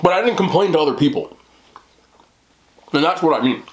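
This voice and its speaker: A man hosting a mukbang, chatting casually while eating, talking in an animated way with loud bursts. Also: fairly high pitch, a little fast. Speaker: mukbang host.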